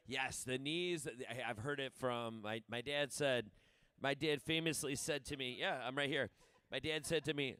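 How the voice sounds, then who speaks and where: A man hosts a live storytelling night, rambling through thanks and introductions. His voice is bright and crisp, recorded dry and close. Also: mid-range voice, normal speed, dry recording. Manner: rambling, full of fillers and restarts. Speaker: host. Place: indoor bar.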